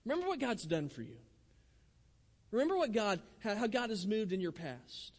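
A man's voice: sits high, big pitch swings, normal speed, darkish tone, in a large hall. A man preaching a sermon as pastor, earnest, often repeating his first words as he builds a point. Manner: earnest, repeats words when starting phrases.

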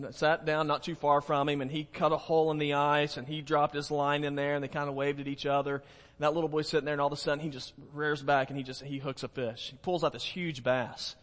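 Man, pastor, folksy sermon, teasing the congregation, high voice, long echoing hall. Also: a bit bright. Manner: folksy, joking with the congregation, slowing for emphasis. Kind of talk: sermon with a told joke.

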